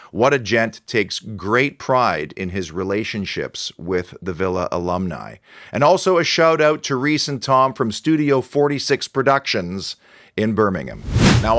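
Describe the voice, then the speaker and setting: A man's voice: lowish voice, fairly bright tone, dry recording, studio quality. A man from Canada hosting a podcast, with an earnest, enthusiastic manner of interviewing. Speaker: podcast host. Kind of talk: scripted intro, then interviewing.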